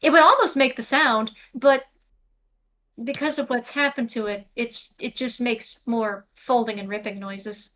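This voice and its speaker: A woman's voice: on the high side, fairly even intonation, measured pace, fairly bright tone, a little hiss or hum. A woman narrating a tabletop game as game master over a video call, descriptive and prone to self-corrections.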